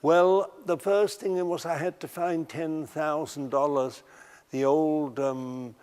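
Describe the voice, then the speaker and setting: An older man telling stories from his life in a documentary interview, halting and often restarting his sentences. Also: fairly high pitch, steady tone, a little mellow, smooth, in a large hall. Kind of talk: recounting memories in a documentary interview.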